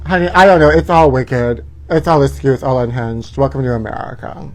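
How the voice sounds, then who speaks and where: A man's voice: mid-range voice, a little fast. Male gossip host, campy and sassy, mid-range voice, live chat from a home setting. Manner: sassy, campy, keeps calling listeners honey. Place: indoors at his parents' house.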